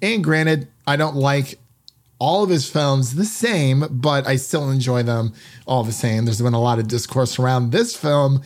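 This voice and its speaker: A man's voice: medium pitch, unhurried. A man hosting a film podcast in a casual, upbeat chat, full of fillers and restarts. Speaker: podcast host.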